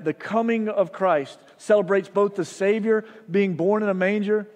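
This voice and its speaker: Man, pastor, high voice, sermon storytelling, long hall reverb. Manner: storytelling, dropping soft for drama and rising loud.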